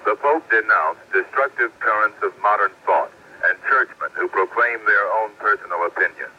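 Low-voiced guy giving a field report, muffled sound, bit of hiss. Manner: brisk, formal reporting. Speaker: news correspondent. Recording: muffled radio report with faint noise.

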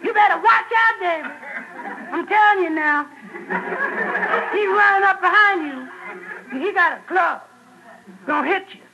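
Shrieking young girlfriend, played by a man in shrill falsetto, loud and very high, noisy old radio. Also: moderate pace, vocal fry. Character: shrieking young woman cheering a musician.

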